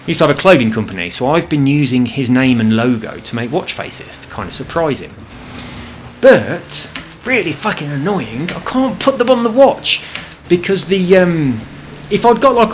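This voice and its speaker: A gaming channel host with a slightly high voice talks casually over gameplay in his home apartment, and there's a little background noise. He rambles on, swearing openly about his frustrations.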